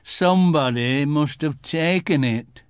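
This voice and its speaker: A man reading a storybook aloud, voicing a gloomy old grey male donkey with a slow, mournful drawl. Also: a little high, clean tone, dry recording, studio quality.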